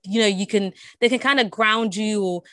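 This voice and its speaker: A woman's voice: mid-range voice, moderate pace, fairly bright tone, no echo. A British woman co-hosting a podcast in casual chat, talking loosely with lots of "like" and frequent laughter. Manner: chatty, lots of "like", laughs often. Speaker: podcast co-host.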